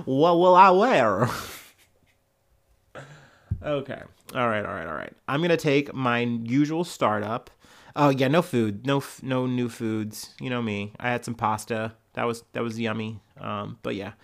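A man's voice: mid-range voice, normal speed, creaky. A man hosting a casual news podcast, talking with a congested, nasal voice from a cold and rambling loosely with fillers and restarts into a podcast microphone. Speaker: podcast host.

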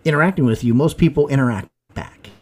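In a casual podcast conversation, a male co-host with a mid-range voice speaks quickly, spinning animated, joke-filled stories.

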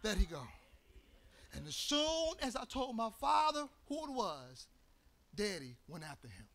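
A man from Chicago preaching a sermon as pastor. He tells a story and then builds into shouted, half-sung preaching. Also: very high voice, sing-song, measured pace. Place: church sanctuary.

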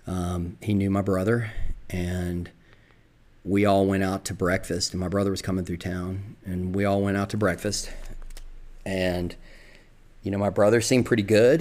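A middle-aged man with a Southern American accent, telling his own recovery story in a reflective, confessional way. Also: deep voice. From Southern United States. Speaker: podcast storyteller.

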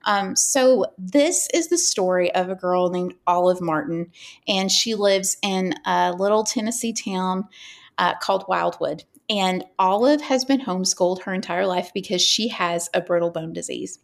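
A woman's voice: fairly low pitch, normal speed, vocal fry. A woman author, from the Southern United States, talking about her writing in a casual interview, chatty and enthusiastic. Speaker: author guest.

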